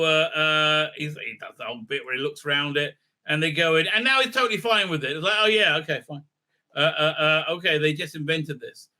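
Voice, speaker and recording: A film reviewer hosting his own channel gives a casual, irreverent movie recap and review, joking around, swearing, and filling gaps with "uh, uh." His voice is a little high with a sharp tone.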